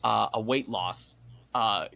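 A man's voice: on the low side, takes it slowly, gravelly, bright, forceful tone, slight background noise. A man chatting casually as a podcast guest over a video call, rambling with lots of fillers and restarts. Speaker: podcast guest, tribute performer. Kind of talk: casual chat.

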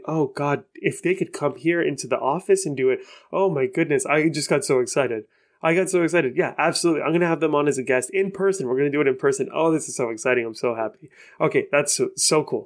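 A man hosting his own podcast, chatting alone in an enthusiastic, rambling way that gushes with praise. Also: medium pitch. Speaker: podcast host. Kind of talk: solo podcast chat. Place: office in Los Angeles.

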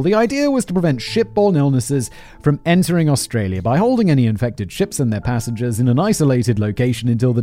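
An English-accented podcast host with a slightly high, mellow voice reads from a script. He keeps breaking off into rambling, self-deprecating asides.

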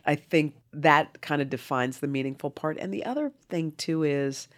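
A woman in her fifties, an interview guest telling a personal story in an earnest, animated way. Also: low voice, normal speed. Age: 50s. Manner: earnest, animated, acts out dialogue.

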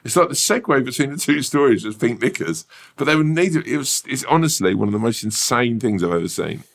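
A man's voice: mid-range voice, quick pace, creaky. A man co-hosting a podcast, telling stories in casual chat, swearing and laughing often. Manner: animated storyteller, swears freely, laughs often. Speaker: podcast co-host.

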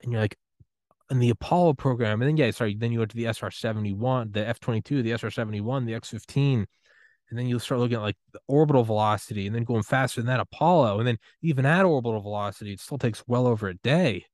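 A young man hosting a podcast, giving a rambling, excitable solo rant full of swearing and trailing restarts. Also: mid-range voice, fast, no room sound. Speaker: podcast host.

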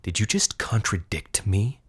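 A man's voice: fairly low pitch, very animated, unhurried, husky, full character voice. A man voicing a cruel teenage boy who bullies and jeers at other kids. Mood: menacing. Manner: jeering, aggressive shouting. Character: taunting teenage boy bully, cruel and shouting.

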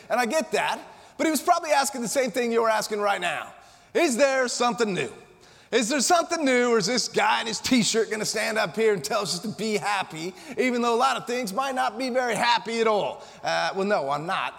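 An American man in his forties giving a humorous, energetic motivational keynote to a live audience, telling punchy, joking stories. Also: high-pitched, fast talker, gravelly. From Colorado, USA. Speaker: motivational speaker. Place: conference hall before an audience. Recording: long reverb of a conference hall.

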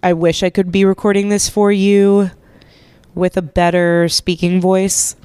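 A woman's voice: lowish voice, flat delivery, a little slow, warm tone, clean tone, dry recording. A young woman hosting a casual solo podcast while congested and nasal from a cold, rambling and joking as she lies on her couch. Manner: rambling, chatty, swears casually, self-mocking. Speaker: podcast host. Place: living room couch, lying under a blanket. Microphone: podcast microphone held while lying down.

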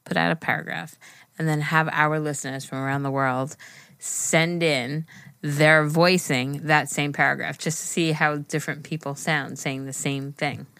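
A woman's voice: low-pitched, steady tone, moderate pace, a bit bright, smooth, no room sound. Rambling woman podcast co-host, dry sound. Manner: rambling, restarts, apologetic about cursing. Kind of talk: casual chat.

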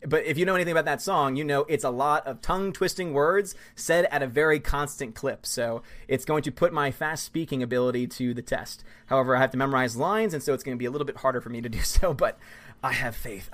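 A man hosting a live stream, reading viewer comments aloud and chatting about films in a fast, gushing, excitable way. He is a student who also does musical theater. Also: a little high. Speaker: livestream host reading chat. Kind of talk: casual live-stream chat.

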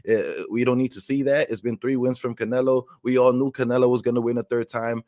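A man's voice: medium pitch, steady tone, fairly quick, mellow, dry recording, clean studio sound. A man co-hosting a casual boxing talk show, giving blunt, opinionated takes. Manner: opinionated, frank, with restarts.

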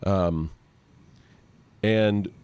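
Sleepy low-voiced man on a call. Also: steady tone, very slow, a little mellow, clear, resonant tone, no room sound. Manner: rambling, sleepy, searching for words. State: just woken up. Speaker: podcast co-host and guitar effects artist. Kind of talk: casual chat. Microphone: joining over the internet.

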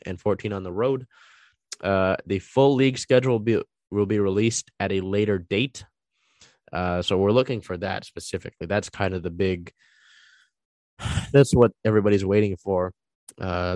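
A man's voice: lowish voice, no room sound. A man giving a casual solo recap of soccer trades, talking through his thoughts with frequent ums and uhs. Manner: conversational, frequent ums and uhs, thinking aloud.

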